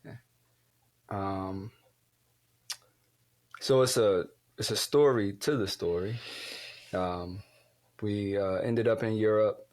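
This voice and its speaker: A man in his thirties, a podcast guest, speaking hesitantly with many pauses and fillers. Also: fairly low pitch, darkish tone. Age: 30s. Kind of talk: conversational interview.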